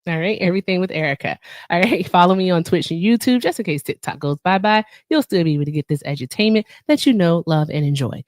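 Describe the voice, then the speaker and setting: A woman's voice: on the low side, lively intonation, fast, no echo, studio quality. A woman hosting a casual livestream, chatty and playful with a teasing manner. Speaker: livestream host.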